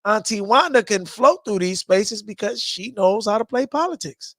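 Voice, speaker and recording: Loud, high-voiced, profane man hosting a stream. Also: animated, moderate pace, hardly any pauses, dry recording, clean studio sound. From US West Coast. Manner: loud, profane, rambling banter. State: tired. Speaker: live stream host. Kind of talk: late-night live stream talk.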